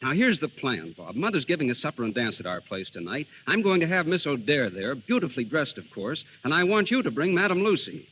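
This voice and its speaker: An actor playing a charming, persuasive young gentleman in a 1940s radio drama, with faint music behind. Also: a little high, big pitch swings, fairly quick, hardly any pauses, a little hiss or hum, poor audio. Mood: eager. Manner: enthusiastic, persuasive.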